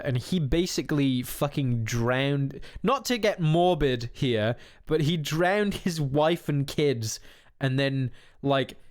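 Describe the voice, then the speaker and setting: A man chatting casually while streaming a game, rambling, swearing and laughing often. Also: medium pitch. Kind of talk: casual gaming stream chat.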